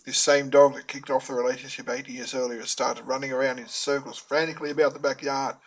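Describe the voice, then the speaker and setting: A man's voice: medium pitch, fairly bright tone, poor audio. A man narrating a self-published story in a chatty, wry manner with humorous asides.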